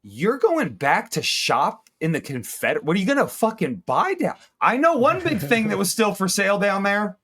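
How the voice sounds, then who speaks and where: Man, podcast co-host, slightly high, very lively, crude sarcasm. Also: moderate pace, few pauses, breathy edge. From United States. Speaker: movie review podcast co-host. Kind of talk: casual chat.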